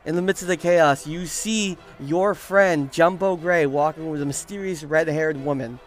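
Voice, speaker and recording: Casual male game master, slightly high voice. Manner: casual, loose narration with quick jokes. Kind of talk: narrating a tabletop game.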